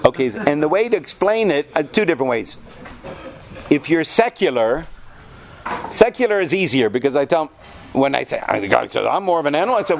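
A man teaching a class of students, animated and talkative, often asking them questions. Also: a little high, brisk, creaky. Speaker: yeshiva teacher. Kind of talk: lecture to students.

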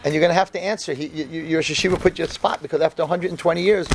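Racing along in a slightly high voice, the rabbi tells humorous stories to the yeshiva students gathered in the room, acting out the quoted exchanges with lots of animation. A little hiss or hum sits under the audio.

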